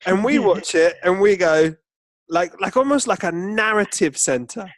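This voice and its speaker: High-voiced joking podcast co-host. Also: male voice, animated, moderate pace, fairly bright tone, no echo. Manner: jokey, spins long comic scenarios. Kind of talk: casual chat.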